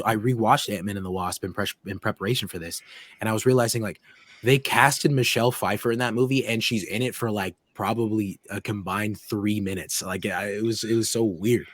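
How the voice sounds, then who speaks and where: Enthusiastic young man with a low voice. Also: no echo. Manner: enthusiastic, rambling with restarts. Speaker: podcast host. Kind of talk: casual chat.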